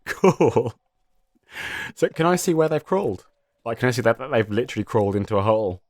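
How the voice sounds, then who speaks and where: A man playing a tabletop game, musing and quizzical as he thinks out loud. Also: mid-range voice, animated, brisk, no echo. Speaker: player. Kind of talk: casual tabletop game banter.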